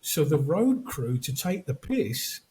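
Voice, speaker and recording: A man's voice: on the high side, big pitch swings, slow pace, dark tone, rough recording. An older man, chatting casually as podcast co-host and retelling film stories. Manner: storytelling, acts out quotes from films. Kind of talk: casual chat.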